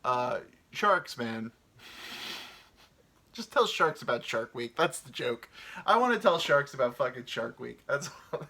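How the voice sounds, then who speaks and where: Man, 30s, podcast host, rambling crude chat, animated pitch, bright tone. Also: gravelly. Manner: rambling, crude, many fillers. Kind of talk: casual solo podcast monologue.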